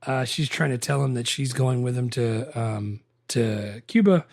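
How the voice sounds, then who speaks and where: A man co-hosting a podcast in casual chat about movies, relaxed and full of fillers. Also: medium pitch, unhurried, vocal fry, no echo, studio quality. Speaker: podcast co-host.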